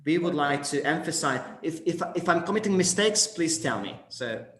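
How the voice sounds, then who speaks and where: A man's voice: fairly high pitch, animated, normal speed, fairly bright tone, reverberant. Man with an Argentine accent teaching phrases. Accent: Argentine Spanish. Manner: hesitant, many fillers, checks with the group. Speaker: English workshop leader. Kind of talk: teaching debate phrases in an online class.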